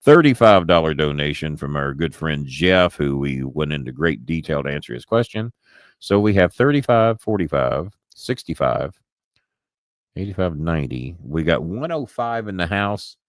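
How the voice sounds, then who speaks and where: A man's voice: rumbling low, expressive, moderate pace, no echo. An older man from Louisville with a Southern accent, hosting a live podcast in casual, rambling talk with frequent chuckles. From Louisville, Kentucky. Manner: rambling, chuckling, restarts words. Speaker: podcast host. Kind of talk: casual live-stream chat.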